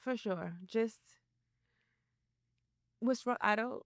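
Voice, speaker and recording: Woman guest on a podcast, smooth clear voice, straight-talking, dry close sound. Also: a little high, slow pace, no echo. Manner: candid, matter-of-fact, faith-centered. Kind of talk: casual interview chat.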